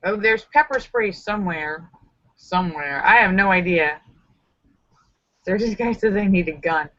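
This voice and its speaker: Bright-voiced sassy woman streamer. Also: fairly low pitch, lively intonation, measured pace, muffled recording. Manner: sassy, joking, self-mocking storyteller. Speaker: live-stream host. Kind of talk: casual live-stream chat with viewers.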